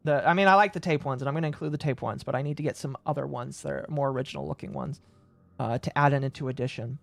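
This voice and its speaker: A woman's voice: rumbling low, quick pace, gravelly, dry recording. A woman from the United States streaming reaction commentary in a brash, crude, mocking way, swearing often.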